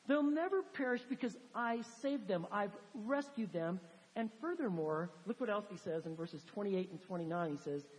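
A woman's voice: on the high side, lively intonation, moderate pace, a little mellow. A woman preaching a sermon in a church, conversational and emphatic with many fillers. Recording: long hall reverb.

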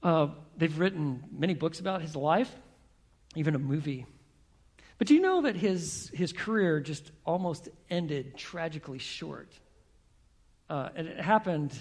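A man's voice: fairly high pitch, measured pace, a little mellow. A male pastor preaching a sermon, telling stories and putting questions to the congregation. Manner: storytelling, asks the congregation questions.

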